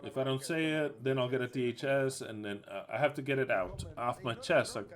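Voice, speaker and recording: A man's voice: medium pitch, fairly even intonation, fairly quick. A man giving a live spoken interpretation of a sermon talk, agitated and emphatic, cursing and repeating himself. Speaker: interpreter voicing the preacher.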